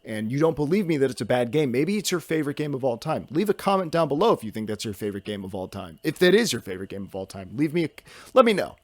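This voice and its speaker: A man's voice: medium pitch, big pitch swings, fast, no echo. A young man hosting a solo podcast, rambling in a goofy, self-mocking way and jumping from topic to topic. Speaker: podcast host.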